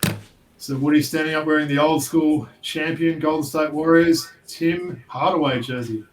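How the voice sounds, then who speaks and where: A man co-hosting a casual sports chat, quick and chatty, full of mate and yeah. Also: fairly high pitch, fairly even intonation. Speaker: podcast co-host. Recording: echoey room, distant mic, faint hiss.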